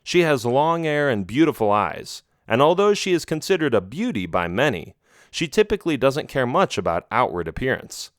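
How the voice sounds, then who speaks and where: A man reading a children's adventure audiobook in a steady, measured way. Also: medium pitch, dry recording, studio quality. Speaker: audiobook narrator. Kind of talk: storybook narration.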